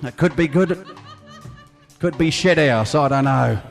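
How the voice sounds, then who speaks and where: A man's voice: on the high side, measured pace, vocal fry. A man doing a stage impression of a crude, half-drunk middle-aged Australian bloke who brags and croons a song, with a leering, blokey manner. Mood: boastful, leering. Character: crude boozy middle-aged Aussie bloke, bragging lounge singer. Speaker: comedy impressionist. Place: live stage venue. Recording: echoey hall with band music.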